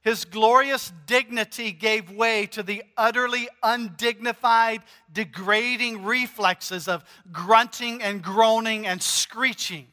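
A man's voice: sits high, fairly even intonation, slow, hardly any pauses, bright, forceful tone, big-room sound. A male pastor preaching a sermon in an earnest, emphatic way, repeating key phrases.

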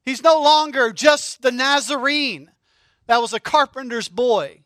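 Man, middle-aged, animated humorous sermon, high pitch, bright tone. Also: measured pace, no echo, clean studio sound. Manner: animated preaching with humor and rhetorical questions. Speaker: pastor.

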